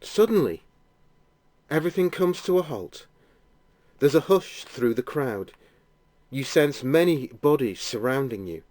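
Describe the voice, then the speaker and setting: A man narrating a guided imaginative prayer, telling the scene gently in the second person. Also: medium pitch, lively intonation, unhurried, long pauses, no room sound.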